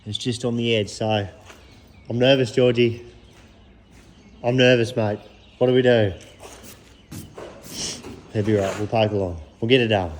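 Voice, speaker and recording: A man's voice: lowish voice, steady tone, unhurried, long pauses, slight background noise. A man with an Australian accent, casually chatting upbeat to his viewers while working on a car in a panel repair workshop. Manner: upbeat, chatty, laid-back slang, yells playful calls. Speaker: vlogger. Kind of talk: casual chat.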